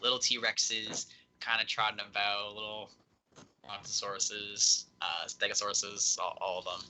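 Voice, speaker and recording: A man narrating as dungeon master of a streamed tabletop game, lively and halting with many fillers. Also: fairly low pitch, poor audio.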